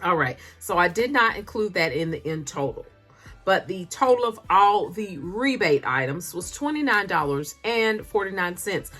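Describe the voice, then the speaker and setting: A woman talks casually through a shopping haul from home late at night. Her voice is bright and swings up and down in pitch as she laughs often and calls her viewers honey and y'all. Soft music plays faintly behind her. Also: very animated, moderate pace. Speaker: couponing vlogger.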